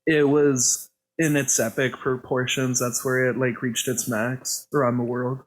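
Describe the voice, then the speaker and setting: Podcast cohost, reads prepared notes, stumbles with fillers, mid-pitched. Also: male voice, level tone. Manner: halting reading with many fillers. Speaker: podcast co-host. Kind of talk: reading topic notes on a podcast.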